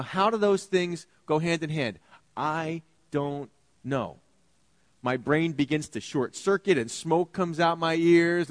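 A male pastor delivering an animated sermon, acting out biblical characters in shifting voices. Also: on the high side, no echo.

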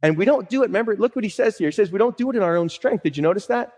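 A man's voice: high voice, expressive, racing, a little mellow. A man pastor preaching a sermon in a conversational teaching way, quoting scripture and asking rhetorical questions. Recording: long hall reverb.

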